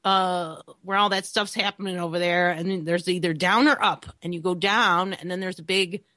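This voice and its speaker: A woman's voice: on the low side, steady tone, moderate pace, bright, forceful tone, dry recording, clean studio sound. A woman co-hosting a gaming podcast, playful and often laughing as she rambles through casual banter. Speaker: podcast co-host.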